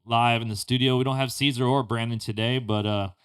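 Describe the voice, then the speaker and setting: A man's voice: medium pitch, fairly even intonation, fairly quick, a bit bright, smooth. A man hosting a podcast in a studio, asking questions in a laid-back way. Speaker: podcast host. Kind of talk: casual chat.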